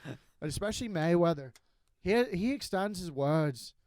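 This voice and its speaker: A laid-back man talking casually as a podcast guest, cursing easily and restarting his sentences. His voice sits on the higher side. The sound is dry, close and without echo. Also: animated, normal speed, a little mellow. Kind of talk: casual chat.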